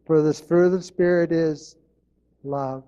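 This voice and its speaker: Earnest preaching man, slightly high voice. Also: steady tone, unhurried, warm tone, clear, resonant tone, dull audio. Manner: earnest, repeats key phrases. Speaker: pastor. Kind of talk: sermon.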